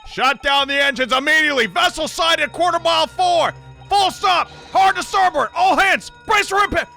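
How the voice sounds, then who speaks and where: A man voicing a panicked male ship crewman, shouting frantic commands in a game playthrough. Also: extremely high pitch, normal speed, vocal fry, faint music behind, voice pushed up, heavily acted. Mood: alarmed.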